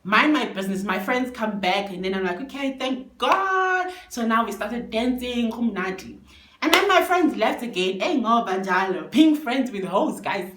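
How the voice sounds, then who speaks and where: A woman's voice: mid-range voice, expressive, normal speed. A young woman from South Africa with a Zulu accent, telling a storytime tale in a chatty style and switching between languages. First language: isiZulu. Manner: chatty, code-switching, addresses viewers as guys. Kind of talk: casual storytime. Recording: roomy echo.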